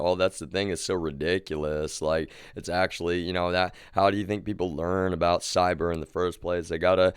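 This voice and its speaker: A man's voice: low-pitched, clean tone, no echo, studio quality. A man streaming live, ranting in a rambling, agitated way, swearing often and repeating "y'all" and "like.". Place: home.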